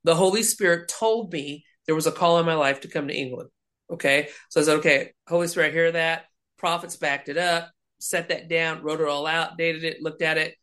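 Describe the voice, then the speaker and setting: Guesting on a faith-focused interview, this woman minister speaks low-pitched at an ordinary pace. She's lively as she recounts stories, performing each quoted voice.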